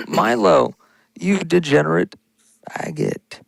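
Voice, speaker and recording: Male podcast host, furious mocking rant, gravelly voice, dry close mic. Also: mid-range voice, wildly swooping pitch, measured pace, no room sound, poor audio. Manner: ranting, insulting, mocking. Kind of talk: angry political rant.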